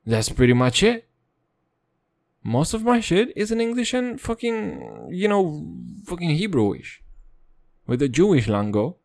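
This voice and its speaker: A man's voice: wildly swooping pitch, unhurried, creaky, darkish tone. A young man, a comedian and native Russian speaker, who rambles through a silly, profane comic rant. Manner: rambling, profane, silly, with sudden jumps in pitch.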